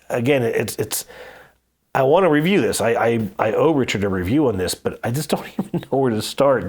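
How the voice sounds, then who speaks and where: A man with a mid-pitched voice talks casually as a podcast host. He tells anecdotes in an animated, conversational way, speaking at an ordinary pace. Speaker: podcast host reviewing board games. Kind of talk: casual chat.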